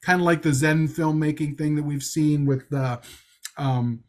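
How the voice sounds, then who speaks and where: A man's voice: on the high side, fairly even intonation, unhurried, a little mellow. A man co-hosting a podcast, giving wry, thoughtful film criticism in casual chat. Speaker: podcast co-host reviewing a film.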